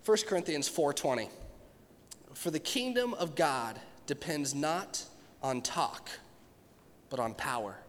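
Man preaching, earnest, conversational, slightly higher voice, long hall reverb. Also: expressive, slow, long pauses. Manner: earnest, conversational, acts out quotes and questions. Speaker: pastor. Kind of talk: sermon.

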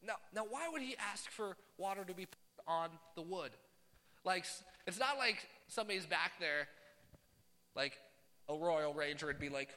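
A man preaching a sermon, animated, jumping between loud bursts and hushed asides. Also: sits high, moderate pace. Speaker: pastor. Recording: long reverb of a large hall.

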